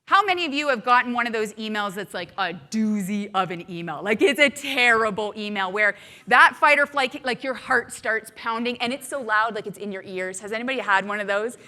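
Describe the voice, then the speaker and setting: Woman doing a keynote talk, highish voice, bright and forceful, animated, keeps asking the crowd stuff. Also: brisk, big-room sound, soft background music. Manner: animated, asks the audience rhetorical questions. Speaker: keynote speaker. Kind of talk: motivational talk to a live audience.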